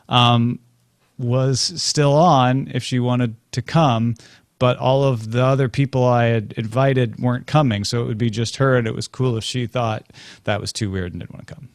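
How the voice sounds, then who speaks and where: A man's voice: mid-range voice, clean tone, no echo. Dry-voiced man bantering casually. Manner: relaxed, wry banter with laughs. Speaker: podcast host. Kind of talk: casual chat.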